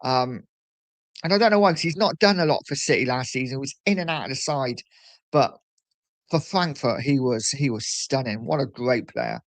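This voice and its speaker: A man's voice: mid-range voice, normal speed, dry recording. A middle-aged man hosting a casual livestream, chatting and reading viewer comments aloud. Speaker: livestream host.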